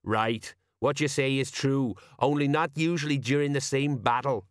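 A man voicing a nervous, rambling middle-aged sergeant who talks in a folksy, drawn-out way. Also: mid-range voice, smooth, no echo, clean studio sound, voice pushed up, lightly acted.

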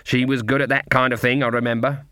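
A man's voice: mid-range voice, level tone, quick pace, no echo, studio quality, close to an everyday voice. A man voicing a stern, commanding older witch who speaks bluntly in country grammar. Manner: loud, clipped, dialect grammar.

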